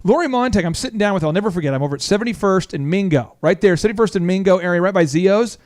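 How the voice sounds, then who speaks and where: A man hosting a business talk show, telling a story in an excitable, jokey way. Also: high voice, very fast. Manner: excitable, jokey, breaks into imitations of friends. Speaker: host. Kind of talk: animated storytelling chat.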